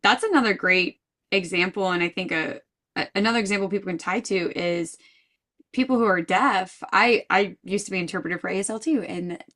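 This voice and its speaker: A woman's voice: mid-range voice, a little fast, fairly bright tone. A woman guest in a podcast interview, speaking earnestly and thoughtfully, often restarting her sentences. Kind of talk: casual interview chat.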